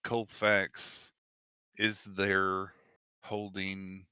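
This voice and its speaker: A man narrating a tabletop role-playing game as game master, describing scenes in a measured way. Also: low voice, completely flat delivery, bright, forceful tone, clean tone, no echo, dull audio.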